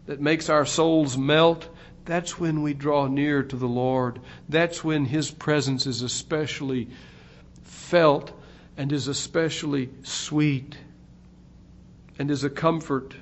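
A man preaching a sermon in a slow, deliberate way, his voice swelling louder on key phrases. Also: mid-range voice. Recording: dull lo-fi recording.

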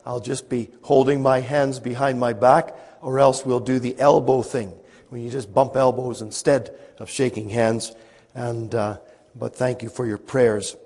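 Hoarse raspy pastor guy, halting with lots of uhs, big church reverb trailing after him. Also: medium pitch, steady tone, a little mellow. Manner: slow, halting with many fillers, rising to a declaiming reading voice. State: hoarse from a cold. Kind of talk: church service announcements and scripture reading. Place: church sanctuary.

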